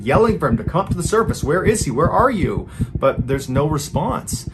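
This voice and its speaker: A man with a gravelly, fry-laced voice tells a true story as a podcast host, close to a studio mic. He builds tension as he goes, rising in pitch and pushing the pace when things turn dire. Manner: builds tension, voice rising and quickening in tense moments. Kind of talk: dramatic storytelling narration.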